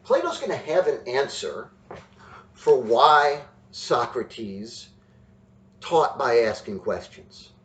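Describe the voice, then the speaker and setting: A male teacher giving a recorded lesson, explaining slowly and deliberately with emphatic stresses. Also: mid-range voice, very animated. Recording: roomy, distant, dull sound.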